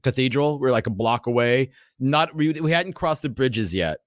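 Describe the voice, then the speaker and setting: His voice sits at medium pitch and a moderate pace as this man in his forties, appearing as a podcast guest, casually recounts rambling, profane stories with lively retelling. It's studio-quality audio free of room sound.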